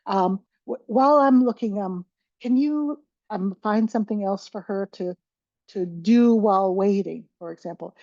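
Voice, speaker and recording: A woman's voice: mid-range voice, normal speed, a little mellow, dry recording, lo-fi sound. A woman giving a conversational presentation to caregivers on dementia care, often restarting her sentences and acting out examples.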